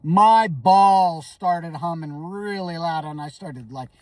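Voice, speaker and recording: A man's voice: fairly high pitch, slow pace, dry recording, recorded from a distance. A man rambling through a comic monologue in character, stammering and repeating himself. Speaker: comedic storyteller.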